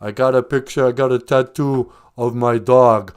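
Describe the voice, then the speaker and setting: A man's voice: mid-range voice, fairly even intonation, normal speed, clean tone, lightly acted. A man doing a mumbling tough-guy boxer star. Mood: laid-back. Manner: slurred tough-guy talk. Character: mumbling tough-guy boxer movie star, male, middle-aged, laid-back. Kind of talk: comedic impression.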